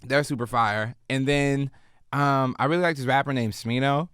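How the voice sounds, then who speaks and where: A young man from California with a Californian accent, chatting casually as an interview guest, slangy and quick to laugh. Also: mid-range voice, fairly bright tone, smooth, dry recording, clean studio sound. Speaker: rapper and guest.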